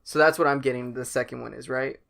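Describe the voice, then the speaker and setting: Gravelly-voiced, eager male podcast co-host. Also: mid-range voice, fairly even intonation, fast talker, pushed and bright. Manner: eager, questioning, stammering restarts. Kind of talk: casual chat.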